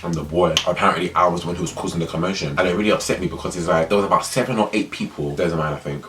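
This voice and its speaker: A young man telling a story in a casual, animated way, repeating phrases for emphasis. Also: low-pitched, racing, a little hiss or hum.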